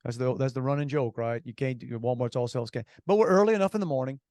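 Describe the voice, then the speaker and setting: This man co-hosts a radio talk show, speaking fast at a medium pitch with a slightly mellow quality. He tells stories with lots of sarcasm and energy, frequently starting over, and the recording has no room sound.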